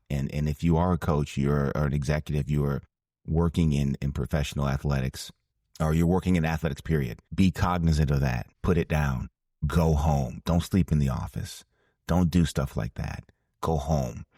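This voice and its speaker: A man in his forties, once a ballplayer and broadcaster, tells a heartfelt story as a podcast guest in an interview answer. He has a rumbling low, dark voice with fairly even intonation and a moderate pace, recorded dry in studio quality. Earnest and emphatic, he often repeats phrases for weight.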